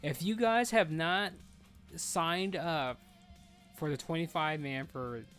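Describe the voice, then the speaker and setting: Man, raid leader, casual gaming stream, blunt, profane, bossy, slightly high voice, faint background music. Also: slow pace, a bit bright. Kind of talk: casual live gaming chat.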